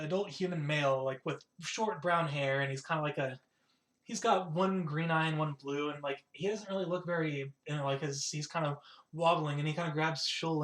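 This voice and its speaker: A man narrates a tabletop game as game master, in a voice a little higher than usual. He rambles loosely and leans on lots of fillers as he describes the scene. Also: a bit bright.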